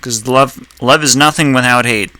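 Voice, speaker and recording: A man's voice: mid-range voice, normal speed, pushed and bright, no echo. A man giving casual reaction commentary, rambling and profane, and laughing often. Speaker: video commentator.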